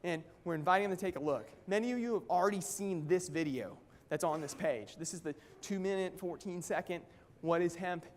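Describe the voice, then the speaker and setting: A man with a high-pitched voice gives a lively stage presentation, throwing question after question at the crowd. His voice carries a long hall reverb, as if heard across a large event room. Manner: energetic, keeps quizzing the audience. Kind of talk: motivational stage talk.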